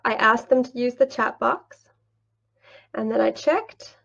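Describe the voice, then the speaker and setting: A young woman explains online teaching step by step in a patient, teacherly way, asking questions and answering them herself. Her voice sits a little high and carries a gravelly fry. She speaks slowly, and the recording sounds slightly dull. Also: a bit bright. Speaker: English teacher and teacher trainer. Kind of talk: screen-share tutorial with a demo lesson.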